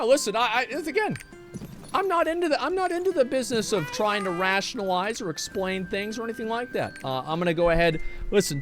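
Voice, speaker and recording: A man's voice: high-pitched, a bit bright. A man streaming live, chatting casually and reading chat messages in a sarcastic, profane, rambling way.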